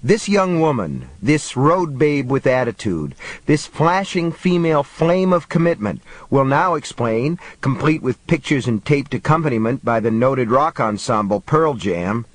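A man's voice: medium pitch, big pitch swings, normal speed, no room sound. A man voicing a flippant, sarcastic grown man who talks in a theatrical, mocking way. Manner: sardonic, theatrical.

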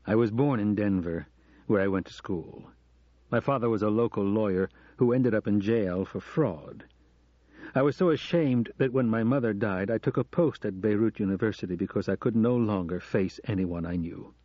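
A man voicing a middle-aged American professor who speaks in a quiet, earnest, confessional way. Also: on the low side, moderate pace, no echo, lightly acted. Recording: dull lo-fi audio.

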